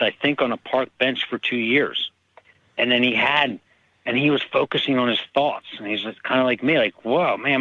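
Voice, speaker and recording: A man, an author, telling personal stories in casual conversation and lively acting out the people in them. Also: medium pitch, no echo, muffled recording. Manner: animated, acts out quoted people. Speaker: author guest. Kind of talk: casual storytelling.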